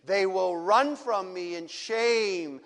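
A preacher voicing Jesus in anguished prayer. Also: male voice, sits high, slow pace, long reverb tail, heavily acted. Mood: anguished pleading. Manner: pleading, emphatic, rising and louder.

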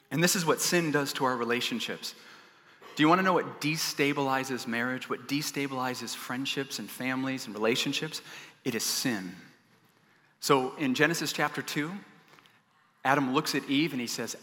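A male pastor delivering a sermon with lively storytelling and wry humor. His voice is bright and forceful. It rings out with a long hall reverb. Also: medium pitch, normal speed. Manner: animated storytelling with humorous asides.

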